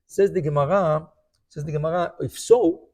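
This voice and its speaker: A man's voice: on the high side, steady tone, normal speed, vocal fry, a little mellow. A man giving a Talmud class as a rabbi, telling the story animatedly, acting out the quoted voices and checking in with "right?".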